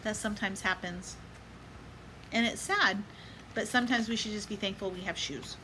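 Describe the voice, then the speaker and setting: Bright-voiced woman reading to kids. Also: medium pitch, slight background noise, low-quality recording. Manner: pauses to add gentle life lessons for kids and moms; invites listeners to chant along. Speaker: storybook reader. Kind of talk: reading a picture book aloud to children.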